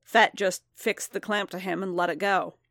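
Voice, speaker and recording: A woman reading a story aloud in a steady, even narration. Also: lowish voice, moderate pace, gravelly, no room sound, studio quality. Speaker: reader. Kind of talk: audiobook-style story reading.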